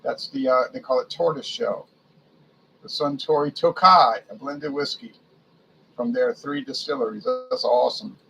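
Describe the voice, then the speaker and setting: A man's voice: medium pitch, moderate pace, vocal fry, pushed and bright, rough recording. A man casually reading a liquor list aloud, musing to himself and stumbling over foreign names. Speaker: beer and spirits reviewer.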